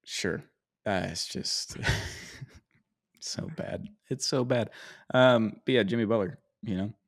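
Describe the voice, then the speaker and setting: A man's voice: on the low side, slow pace. A man co-hosting a casual sports podcast, joking and often laughing mid-sentence. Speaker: podcast co-host.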